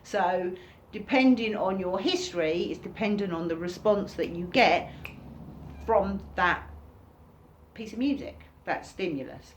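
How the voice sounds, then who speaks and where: A woman giving an informal recorded workshop lesson, talking casually and acting out reactions in sudden high bursts. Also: measured pace, a little hiss or hum. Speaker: workshop teacher.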